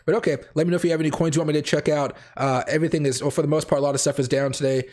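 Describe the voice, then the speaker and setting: Male livestream host, hoarse with a cold, rapid and rambling, self-correcting. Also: fairly high pitch, steady tone, a little mellow. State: raspy voice from a cold. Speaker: crypto trading livestream host. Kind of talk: casual livestream chat.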